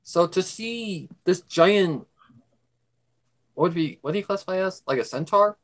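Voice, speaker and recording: A man's voice: sits high, animated, unhurried, a bit bright. A man hosting a casual livestream, rambling with enthusiasm about a cartoon as a devoted fan.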